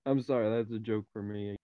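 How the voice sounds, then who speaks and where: A man's voice: on the low side, dry recording, lo-fi sound. A young man on a casual podcast call, joking and laid-back while he eats. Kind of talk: casual chat over an online call.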